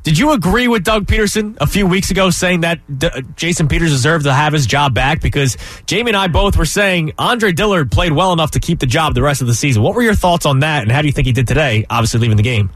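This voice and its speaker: A man co-hosts a sports talk show, his voice sitting on the high side. He asks the guest direct, pointed questions. The studio sound is dry and close. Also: lively intonation, fast, fairly bright tone, no room sound. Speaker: sports radio co-host.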